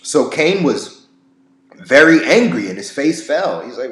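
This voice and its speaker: A man's voice: mid-range voice, animated, a little slow, fairly bright tone. Rambling man with roomy echo. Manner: rambling, filler-heavy, profane. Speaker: religion commentator. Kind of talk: casual commentary lecture.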